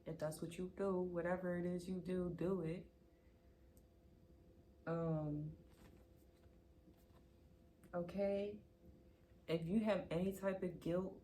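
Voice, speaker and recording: A woman's voice: fairly low pitch, steady tone, slow pace, pauses often, mellow, slight background noise. A woman giving a casual tarot card reading, chatty and playful, teasing her viewers and then insisting she is serious. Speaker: tarot reader.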